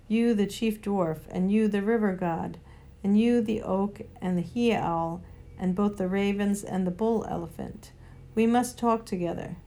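A woman's voice: mid-range voice, mellow, natural voice. A woman reading a storybook aloud and voicing a noble male lion who rules with grave, commanding speech. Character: great noble male lion, solemn ruler.

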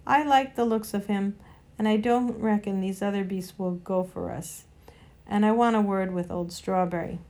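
A woman doing a rough-spoken London cabman. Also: mid-range voice, fairly even intonation, moderate pace, darkish tone, close to an everyday voice. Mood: friendly. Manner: blunt, homely dialect.

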